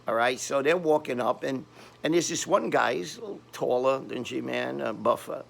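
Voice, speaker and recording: Gravelly older Brooklyn man telling stories. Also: medium pitch, moderate pace. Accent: Brooklyn New York. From Brooklyn, New York. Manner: rambling, animated street-tough storytelling with frequent restarts. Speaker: storyteller. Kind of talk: casual storytelling.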